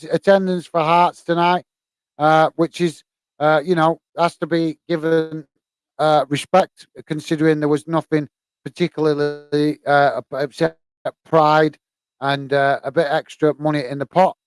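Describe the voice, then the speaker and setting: A man's voice: a little high, steady tone, a little slow, smooth, no room sound. A man from the UK hosting a live football watch-along, tired and rambling with lots of fillers. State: tired, yawning.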